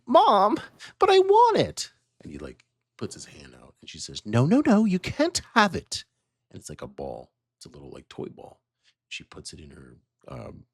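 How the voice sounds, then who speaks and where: A man's voice: rumbling low, creaky, slightly rough, no room sound. A man narrating as dungeon master, in a loose, filler-heavy style. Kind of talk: narrating a tabletop game.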